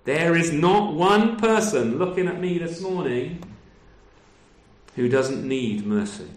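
A man's voice: on the high side, animated, slow. A man preaching a sermon to his congregation, asking rhetorical tag questions and adding dry self-deprecating humor. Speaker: pastor. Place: church service. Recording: roomy echo.

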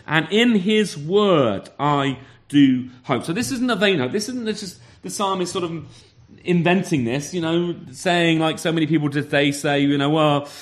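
A man preaching a sermon, earnest, often repeating words and asking rhetorical questions. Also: on the high side.

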